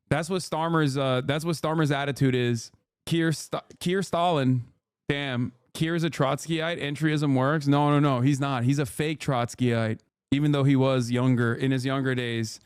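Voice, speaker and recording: A man's voice: mid-range voice, steady tone, measured pace, clear, resonant tone, no room sound, studio quality. A man streaming political commentary in a casual, rambling, mocking way, cursing and repeating himself. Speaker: streamer reacting to news.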